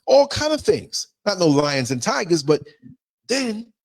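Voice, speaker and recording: A man's voice: sits high, very animated, a little slow, creaky. An older man from the United States, hosting a livestream and telling a story in a blunt, emphatic way. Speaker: podcaster host.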